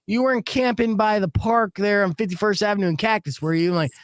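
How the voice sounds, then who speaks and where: A middle-aged man from Arizona hosting a radio show, telling a long story in a casual, animated way and acting out what people said. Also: high-pitched, fast talker, no echo, studio quality. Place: radio studio.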